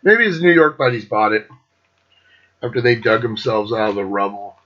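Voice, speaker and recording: A man hosting his own metal show, chatting casually and sarcastically with lots of swearing, clearing his throat now and then. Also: fairly low pitch, lively intonation, moderate pace, dull audio. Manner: profane, sarcastic, laughs often. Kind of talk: casual solo chat reviewing albums.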